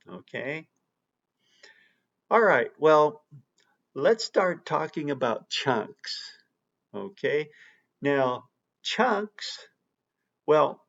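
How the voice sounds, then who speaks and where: Slow, emphatic male English teacher. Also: medium pitch, dull audio. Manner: slow and deliberate, with emphatic stress on key words. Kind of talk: online language lesson.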